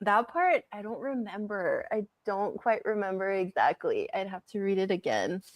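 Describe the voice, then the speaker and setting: A woman co-hosting a casual movie review podcast, animated, laughing often and acting out quotes from the story. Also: mid-range voice, normal speed, dry recording. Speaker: podcast co-host.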